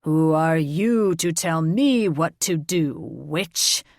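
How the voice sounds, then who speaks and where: A woman voicing a gruff, blustering dragon king. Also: lowish voice, slow, no echo, clean studio sound. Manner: gruff, domineering. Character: blustering, hot-tempered male dragon king. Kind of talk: audiobook character voice.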